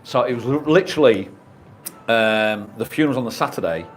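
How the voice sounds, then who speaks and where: A man's voice: medium pitch, lively intonation, a little fast, soft background music. A man in his fifties co-hosting a radio show, chatting casually as a jokey storyteller who swears freely. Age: 50s. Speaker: radio co-host. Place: radio studio.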